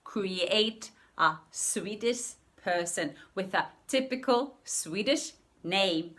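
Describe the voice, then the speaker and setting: A woman's voice: medium pitch, animated, slow, fairly bright tone. A woman language coach giving friendly casual tips in a vlog lesson, repeating words and laughing lightly.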